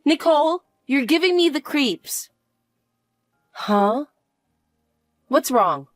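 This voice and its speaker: Slow and rattled, a woman gives a full character voice to a scornful, harsh young daughter-in-law in a narrated family drama. Her pitch is fairly high and her delivery lively and swinging, recorded dry and close over faint background music.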